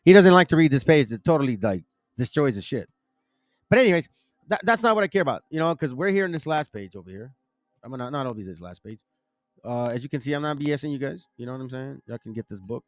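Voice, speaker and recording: In a dry recording, a man with a medium-pitched, sing-song voice talks fast while hosting a casual livestream chat. He flips through a book page by page, speaking informally and conversationally, and insists he isn't lying.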